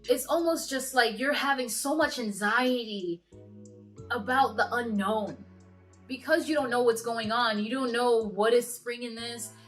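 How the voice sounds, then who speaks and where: A woman in her twenties telling a personal story to camera in a halting, earnest way, often stopping and restarting her sentences. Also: on the high side, faint music behind. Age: 20s. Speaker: vlogger.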